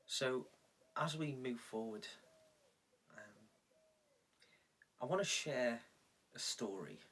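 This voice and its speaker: A man preaching a reflective sermon, telling a story with measured pauses. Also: medium pitch, a bit bright, distant mic. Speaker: pastor. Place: indoors, recorded for online church.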